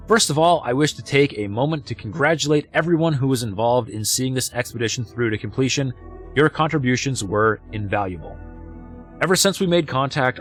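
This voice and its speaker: A man's voice: mid-range voice, a bit bright. A man putting on a formal newscaster voice. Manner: measured, formal read-aloud delivery. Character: formal male newscaster reading a report. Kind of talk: reading game text aloud in character.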